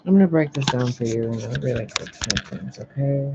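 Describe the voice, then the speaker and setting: Gravelly-voiced man reading oracle cards. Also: mid-range voice, fairly quick, hardly any pauses, muffled recording, noisy background. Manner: musing, playful, talks to the cards. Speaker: tarot and oracle card reader. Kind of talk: livestream card reading.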